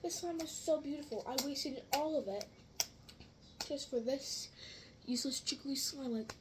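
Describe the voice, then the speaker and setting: A woman's voice: sits high, moderate pace, heavy background noise. A primary-school girl casually vlogging while making slime, chatty and easily amused, with exaggerated reactions. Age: child. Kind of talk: casual vlog chat.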